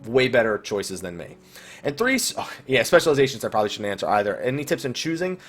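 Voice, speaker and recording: A man's voice: medium pitch, very animated, quick pace. A man hosting a casual viewer Q&A about online games, blunt and swearing freely. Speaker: YouTube host answering viewer questions.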